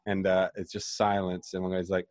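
A man's voice: low voice, completely flat delivery, fairly quick, a little mellow, no room sound, studio quality. A young man hosting a podcast, chatting casually about films in a rambling way full of fillers and restarts. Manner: rambling, filler-heavy, self-correcting. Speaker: podcast host. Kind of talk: casual film chat.

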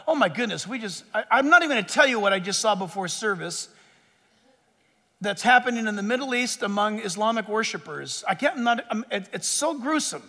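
A pastor preaches an impassioned sermon, veering between shouts and hushed asides while acting out the voices he quotes. His voice is high, animated and brisk, and the sound carries the feel of a big room.

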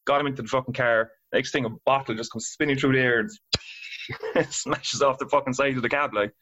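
A man's voice: mid-range voice, steady tone, a little fast, pushed and bright. An Irish man in his thirties, a band guitarist, telling tour stories casually, swearing a lot and laughing as he goes. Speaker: band guitarist and singer, guest. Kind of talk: casual storytelling. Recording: dull lo-fi sound.

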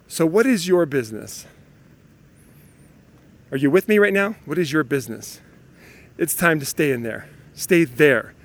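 A man's voice: fairly high pitch, a bit bright. A man giving a playful motivational talk, laughing often and acting out inner thoughts, sometimes dropping to a near whisper. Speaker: motivational speaker.

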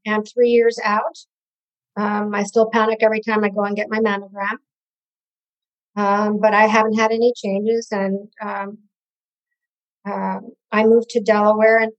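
A woman's voice: mid-range voice, highs cut off. An older woman, a podcast guest, telling her story hesitantly with many ums. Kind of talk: personal story in an interview.

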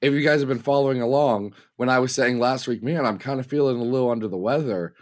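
A man's voice: medium pitch, fast talker. A man with a sore throat co-hosting a casual podcast, joking and self-deprecating. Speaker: podcast co-host.

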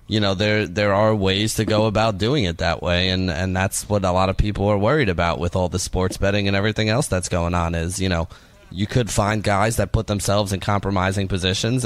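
A man from the northeastern United States co-hosting a sports radio show, chatting loosely and filling his talk with "you know" and "like". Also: sits low. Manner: rambling, lots of "you know" and "like". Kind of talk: casual radio banter.

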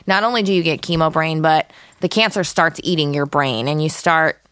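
A woman's voice: low-pitched, normal speed, clean tone, dry recording. A young adult woman co-hosting a casual podcast, telling a story with lots of swearing and bursts of laughter. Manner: profane, animated storytelling with loud laughter. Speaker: podcast co-host.

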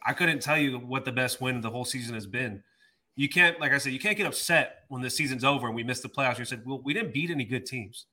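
A man's voice: mid-range voice, quick pace, bright, forceful tone. A man ranting in exasperation on a sports podcast, swearing mildly. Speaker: podcast host. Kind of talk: casual sports talk.

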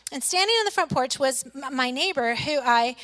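A middle-aged woman pastor preaching a sermon, telling a personal story earnestly, swinging between loud emphasis and soft, hushed lines. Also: high-pitched, animated, moderate pace.

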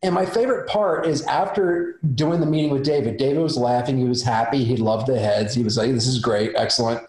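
Animated man telling a story, roomy sound. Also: medium pitch, a little fast. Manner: animated, acts out the voices in his story. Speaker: special effects makeup artist. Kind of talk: casual storytelling. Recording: roomy echo.

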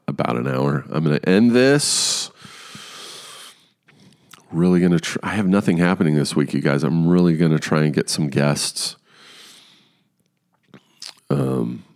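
Deep-voiced man telling a story with lots of swearing. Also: vocal fry. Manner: profane, animated storytelling. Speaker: podcast host. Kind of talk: casual storytelling monologue.

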